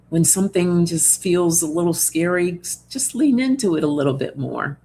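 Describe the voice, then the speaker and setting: A woman's voice: low-pitched, lively intonation, measured pace, dark tone, a little hiss or hum. A woman hosting an oracle card reading livestream in casual chat, reading out viewer comments, reassuring and laughing often. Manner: chatty and reassuring, laughs often, many fillers.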